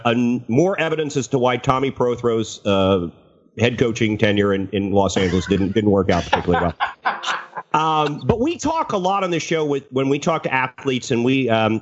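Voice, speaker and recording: Male sports show host, rambling questions, plenty of fillers, mid-pitched voice, slightly muffled sound. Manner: long wandering questions with many fillers. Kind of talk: interview questions.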